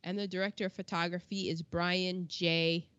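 A woman hosting a casual podcast, reading film credits in a steady, unhurried way. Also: fairly low pitch, dry recording. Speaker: podcast host. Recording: dull, dry lo-fi recording.

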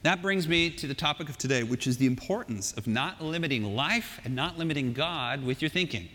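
A male pastor delivering a sermon in a church, conversational and animated, with joking asides. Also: a little high, fairly quick. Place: church sanctuary. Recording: long hall reverb.

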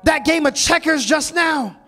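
A man's voice: very high-pitched, measured pace, pushed and bright, faint music behind, voice pushed up, full character voice. A man acting out another preacher, upset and incredulous after losing a game. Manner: incredulous, pleading questions. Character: exasperated male preacher, losing a checkers game.

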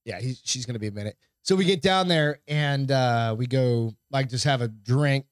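A man's voice: medium pitch, normal speed, smooth, no echo, studio quality. A man co-hosting a casual podcast, rambling and swearing freely as he tells a story. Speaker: podcast co-host. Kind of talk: casual chat.

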